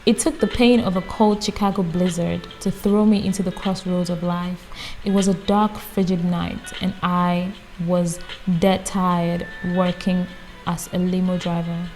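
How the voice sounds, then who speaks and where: A woman reading a book aloud in a calm, casual way, often stopping to add her own amused comments. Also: lowish voice, a little slow, faint music behind, poor audio. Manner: reads calmly, breaks off for amused personal comments. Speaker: audiobook reader. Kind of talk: casual read-aloud with chatty asides.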